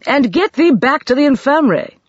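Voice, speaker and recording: A narrator voicing a brisk, kindly male doctor in an audiobook. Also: medium pitch, very animated, slightly rough, dry recording, dull audio, voice pushed up. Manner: brisk, commanding.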